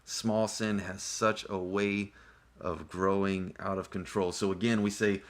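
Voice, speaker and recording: Slow, low-voiced man teaching scripture. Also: level tone. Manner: conversational and earnest, with frequent exclamations. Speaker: Bible teacher. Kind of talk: casual Bible study teaching.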